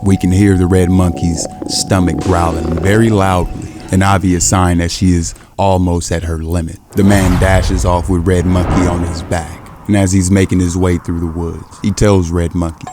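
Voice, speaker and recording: A man narrating a comic recap in plain, steady storytelling. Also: low voice, normal speed, hardly any pauses. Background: background music.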